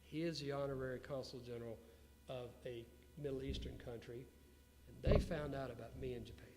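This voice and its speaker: A man being interviewed before an audience, telling business stories in an animated way and putting questions to the crowd. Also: medium pitch, a little fast. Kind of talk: storytelling talk to an audience. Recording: long hall reverb with faint hum.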